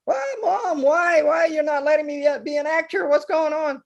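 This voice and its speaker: A man's voice: extremely high pitch, normal speed, creaky, muffled recording, pitched above the performer's own voice. A man acting out his younger self, a whining boy pleading with his mother. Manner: pleading, whiny.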